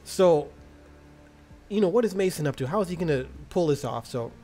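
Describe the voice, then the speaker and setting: A man's voice: a little high, expressive, a little fast, mellow, soft background music. A man casually recapping a TV episode in a slangy, crude, jokey way. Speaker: TV episode reviewer.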